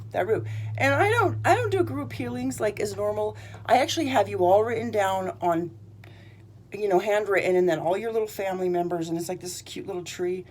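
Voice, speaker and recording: A woman's voice: medium pitch, a little mellow. A woman energy healer talking casually to her viewers in a bubbly, rambling way with lots of fillers. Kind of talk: casual talk to camera.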